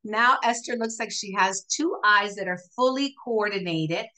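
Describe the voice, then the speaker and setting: A woman's voice: medium pitch, moderate pace, bright, forceful tone, low-quality recording. A woman hosting a live makeup tutorial, chatty and encouraging, talking viewers through each step as she works. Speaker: makeup demonstrator.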